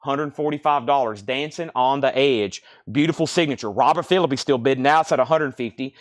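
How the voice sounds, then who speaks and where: A man hosting a live vinyl record sale, rattling off titles, prices and bids in quick auction patter, a little out of breath. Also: medium pitch. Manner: rapid-fire listing of prices and bids.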